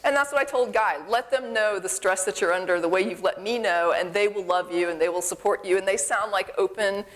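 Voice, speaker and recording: Woman speaker, frank and chatty, mid-pitched, long hall reverb. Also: normal speed. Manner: conversational, frank, exclamatory asides. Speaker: conference speaker. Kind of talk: live talk reading and commenting on letters. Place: conference hall with an audience.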